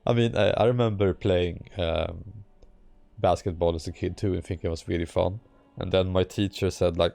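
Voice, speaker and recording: Low, gravelly Swedish streamer. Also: male voice, steady tone, moderate pace, dark tone, no echo. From Sweden. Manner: rambling, profane and amused. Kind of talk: casual live-stream commentary.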